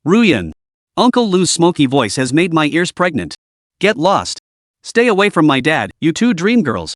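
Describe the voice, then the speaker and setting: A dramatic, gushing teenage girl from a storybook, voiced by a man in his own reading voice. The tone sits a little high and sounds dry and close. The delivery stays even and unhurried. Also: dry recording. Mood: teasing.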